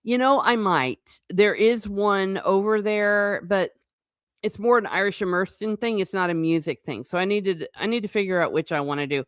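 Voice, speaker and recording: Speaking at a moderate pace in a smooth mid-range voice, a former teacher hosts a casual livestream. She chats and rambles, laughs frequently, self-corrects and reads out comments from viewers, all in studio-quality audio without echo.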